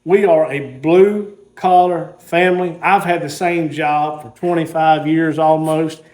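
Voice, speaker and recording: Man, forties, fairly high-pitched, rambling, casual storyteller. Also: fairly even intonation, unhurried, darkish tone. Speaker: car hobbyist host.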